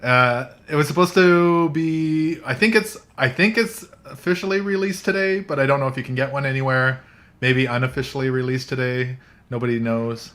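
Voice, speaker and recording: A man's voice: medium pitch, moderate pace, fairly bright tone. A man hosting a casual tech chat show from a coffee shop, chatty and joking, laughing often. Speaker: podcast host.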